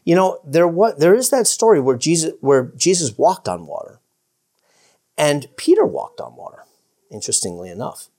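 A man teaching the Bible in a casual, animated way. He often chuckles, restarts his sentences and acts out the characters' lines. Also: fairly high pitch, moderate pace. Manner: rambling with many restarts and "you know".

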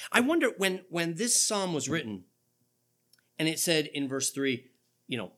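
A male pastor preaching a sermon, asking rhetorical questions and quoting scripture with animated delivery. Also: on the high side, unhurried, long pauses.

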